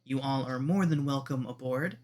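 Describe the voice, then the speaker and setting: A man's voice: medium pitch, moderate pace, a little mellow, close to an everyday voice. A man voicing a gracious female hostess who oversees a riverboat casino, speaking politely and formally. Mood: welcoming.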